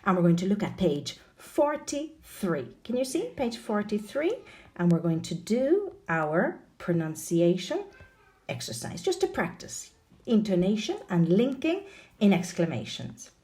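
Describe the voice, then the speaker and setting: A woman teaching an online English lesson, asking the viewer questions in an expressive way. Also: mid-range voice, measured pace.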